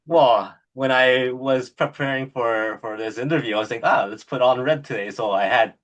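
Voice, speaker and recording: A man's voice: medium pitch, moderate pace, fairly bright tone, recorded from a distance, highs cut off. A man hosting an interview, answering casually and briefly. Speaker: interview host.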